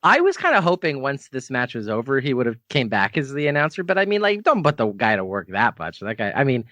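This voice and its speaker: A man's voice: mid-range voice, huge pitch swings, quick pace, fairly bright tone, no room sound. A man from Canada hosting a podcast, chatting casually about wrestling, laughing often and rambling into asides. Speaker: podcast host. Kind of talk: casual wrestling review chat.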